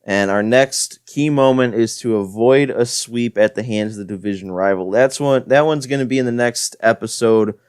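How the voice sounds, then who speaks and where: A man's voice: mid-range voice, normal speed, few pauses, a little mellow, clean tone, no room sound, clean studio sound. A young man giving casual play-by-play commentary on his own video game, frustrated and self-deprecating. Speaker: gaming channel host. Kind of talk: gameplay commentary.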